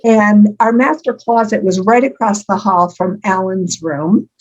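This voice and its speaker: An older woman with a husky, slightly breathy voice talks through a relaxed interview. Her stories wander warmly, full of ums and small laughs. The sound is muffled, like a lo-fi remote call. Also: mid-range voice, unhurried. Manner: warm storytelling with frequent ums and laughs. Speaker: author and interview guest. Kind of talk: conversational interview.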